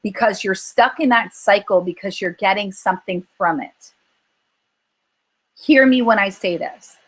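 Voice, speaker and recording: With a mid-range voice and measured delivery, a weight-loss coach talks to a group call about emotional eating, earnestly acting out her inner voice within animated stories. The audio is poor.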